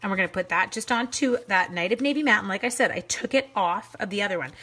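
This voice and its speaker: A woman's voice: medium pitch, animated, fast, few pauses, sharp tone, breathy edge. A middle-aged woman hosting a home card-making livestream, chatting casually and greeting viewers by name as she works. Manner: chatty, talks to viewers by name while crafting. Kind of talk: casual craft livestream chat.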